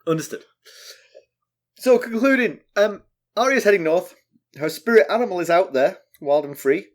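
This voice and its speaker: A man's voice: high voice, lively intonation, normal speed. A man co-hosting a book podcast, wry and hesitant, often restarting his sentences. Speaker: podcast co-host. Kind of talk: casual podcast chat.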